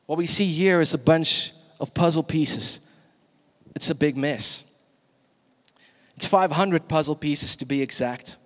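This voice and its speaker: A man's voice: on the high side, measured pace, pauses often, in a large hall. A man preaching a sermon in a church, emphatic and asking the congregation questions.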